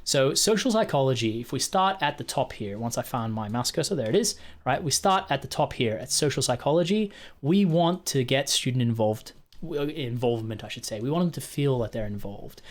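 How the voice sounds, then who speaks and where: A man's voice: mid-range voice, animated, fairly quick. A man teaching fellow instructors in a casual, chatty screen-share walkthrough, often checking in with "right?", recorded on a computer mic. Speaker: technical instructor training other instructors.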